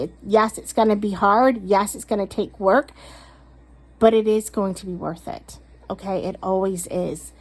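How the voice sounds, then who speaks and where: Woman doing a tarot reading, blunt and sweary, leans hard on her words. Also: medium pitch. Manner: blunt, ranting, swears a lot; emphatic, stresses words slowly. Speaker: tarot reader. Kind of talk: casual tarot reading vlog.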